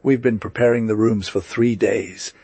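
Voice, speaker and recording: A man's voice: on the low side, fairly even intonation, normal speed, warm tone, husky, dry recording. A man reading the part of a polite host who reassures his guests. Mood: reassuring. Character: hospitable innkeeper man.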